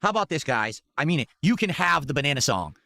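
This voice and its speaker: A man's voice: fairly high pitch, big pitch swings, fast, vocal fry, pushed and bright, no echo. A man streaming live, reacting to clips at a desk microphone with incredulous, exasperated outbursts. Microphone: desk condenser mic.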